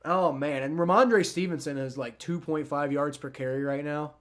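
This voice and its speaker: A man hosting a live football reaction stream, rambling excitedly and talking straight to his chat. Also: fairly high pitch, moderate pace. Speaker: livestream sports reaction host. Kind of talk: live game reaction commentary.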